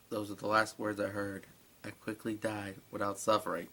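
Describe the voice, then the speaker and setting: A man's voice: on the low side, flat delivery, normal speed. A man reading a creepy story aloud and breaking off with sarcastic, exasperated comments. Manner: sarcastic, exasperated asides between hushed reading. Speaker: narrator.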